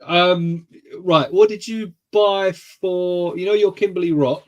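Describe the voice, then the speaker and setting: A man's voice: high voice, fairly even intonation, slow pace, muffled recording. A man with a British accent co-hosting a podcast in casual, teasing chat. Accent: British English. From United Kingdom. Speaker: podcast co-host.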